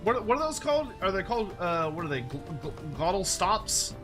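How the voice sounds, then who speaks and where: A man casually commentating on his own gameplay in an animated, joking way, with casual swearing. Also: sits high, normal speed, music in the background. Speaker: streamer.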